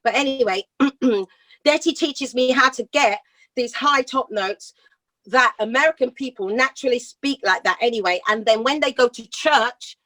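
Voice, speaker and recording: Brief: British woman, 50s, singer guest, high-ish forceful voice, dry close sound, chatty and rambling. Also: normal speed, no echo. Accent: British English. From Britain. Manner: lively, rambling, laughs often, sings snatches. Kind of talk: casual storytelling chat.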